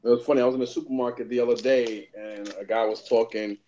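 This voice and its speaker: New York guy, animated storyteller, muffled lo-fi line with a little hiss. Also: mid-range voice, fast talker. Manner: animated storyteller, streetwise slang. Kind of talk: casual storytelling. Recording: dull lo-fi with faint noise.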